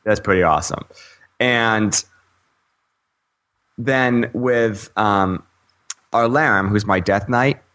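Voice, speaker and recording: A man's voice: on the low side, slow, long pauses, a bit bright. A man co-hosting a gaming podcast in casual chat, rambling with fillers and laughing often. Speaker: podcast co-host.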